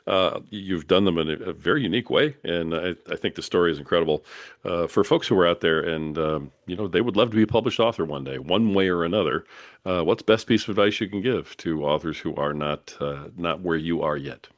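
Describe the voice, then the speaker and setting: A man hosting a podcast interview, brisk and affirming as he asks questions and thanks his guest. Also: low voice, no echo, studio quality. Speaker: podcast host.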